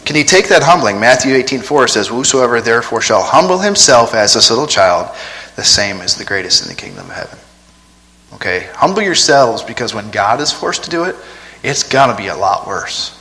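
Male preacher, conversational, rhetorical questions, forceful tone, long hall reverb. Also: mid-range voice, big pitch swings, brisk. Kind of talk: sermon.

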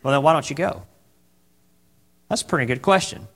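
With a fairly high-pitched voice, a man preaches a meandering sermon, pausing often and leaning on fillers before occasionally erupting into loud, forceful outbursts.

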